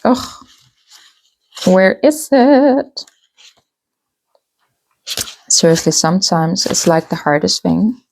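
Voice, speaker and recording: A woman giving a casual tarot reading, musing aloud with soft hums and restarts as she turns the cards. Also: lowish voice, expressive, slow, gravelly, pauses often. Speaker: tarot reader.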